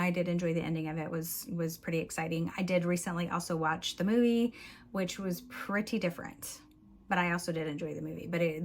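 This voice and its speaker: A woman's voice: fairly low pitch, a little hiss or hum. A woman book vlogger chatting casually through plot recaps, giggling often and leaning on "like" as she goes. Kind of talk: casual book review chat.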